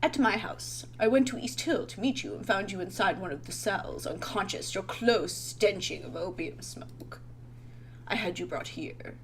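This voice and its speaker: A woman voicing an older male doctor with a British accent, speaking in a measured, solemn way. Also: mid-range voice, slight background noise, close to an everyday voice. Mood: grave.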